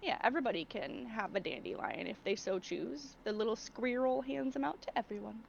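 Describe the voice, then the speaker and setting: A woman's voice: on the high side, expressive, fairly quick, vocal fry, muffled recording, slight background noise. A woman running an online tabletop game as game master, narrating playfully and drawing out her words.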